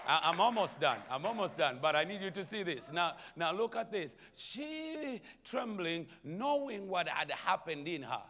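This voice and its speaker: A man preaching a sermon as pastor, animated, calling out to the congregation and chuckling between points. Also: high-pitched, normal speed, hardly any pauses, long reverb tail. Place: church sanctuary.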